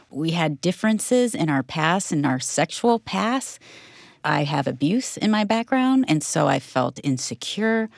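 A woman with a notably low voice, middle-aged, speaking candidly as a radio co-host. She is earnest and expressive and laughs easily. The sound is close and dry. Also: measured pace, creaky, no room sound. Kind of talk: candid interview conversation.

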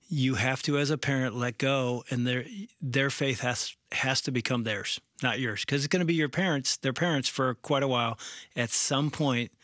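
A man's voice: medium pitch, no room sound, studio quality. A middle-aged man, a pastor and co-host, telling a story in casual chat and acting out the quotes. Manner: animated storyteller, acts out quotes.

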